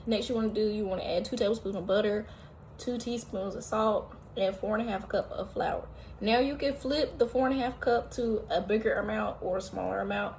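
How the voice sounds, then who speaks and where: A woman chatting casually as she cooks at home, tired and a little out of breath, talking at length with sudden loud exclamations. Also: mid-range voice, slight background noise. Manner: talkative, animated, often exclaiming. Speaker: home cooking vlogger. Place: home kitchen, indoors.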